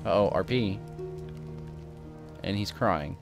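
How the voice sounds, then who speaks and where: A man's voice: mid-range voice, big pitch swings, moderate pace, fairly bright tone, soft background music. A man hosting a gaming channel, chatting casually with sarcastic, rambling asides while playing. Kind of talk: casual let's-play commentary.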